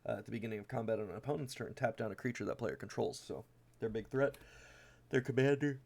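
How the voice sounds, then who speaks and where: A man's voice: on the low side, rapid-fire, gravelly, a little mellow. A man casually walking through his card deck one card at a time, reading the card text aloud with plenty of fillers and restarts. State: tired, yawning. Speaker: deck tech host.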